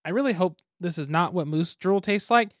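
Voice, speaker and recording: A man hosting a board game podcast in a relaxed, chatty way, talking into a mic on a stand. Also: high voice, moderate pace, no echo, studio quality. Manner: relaxed, chatty, laughs easily. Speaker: podcast host. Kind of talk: casual chat.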